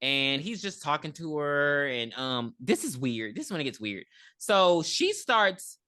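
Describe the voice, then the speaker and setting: A woman's voice: sits low, a little slow. A woman co-hosting a podcast, casually retelling a movie's plot with lots of swearing and acted-out lines. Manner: animated retelling, acting out characters, swearing. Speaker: podcast co-host. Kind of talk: casual movie review chat.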